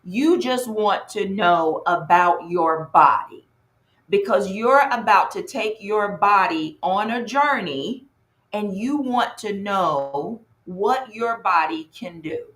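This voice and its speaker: This North Carolina workshop host and coach keeps things lively and chatty online, calling out viewers in the chat by name. She speaks slowly in a medium-pitched voice, and the sound is roomy.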